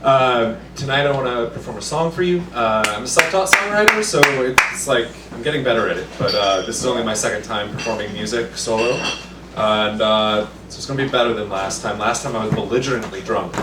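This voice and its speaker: Halting, polite open-mic singer introducing a song. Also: male voice, medium pitch. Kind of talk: introducing his song to an audience. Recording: roomy, distant, with background noise.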